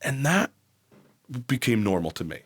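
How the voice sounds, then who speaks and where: A man's voice: medium pitch, very animated, moderate pace, fairly bright tone. A man in his forties from New Jersey, a podcast guest telling his life story candidly, blunt and profane. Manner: blunt, profane, acts out quoted voices.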